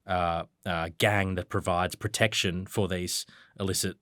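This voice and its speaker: A man's voice: sits low, little pitch movement, a little slow, a bit bright, dry recording, clean studio sound. A man with an Australian accent, a journalist giving detailed, fluent explanations with occasional ums. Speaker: journalist guest. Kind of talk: conversational news discussion.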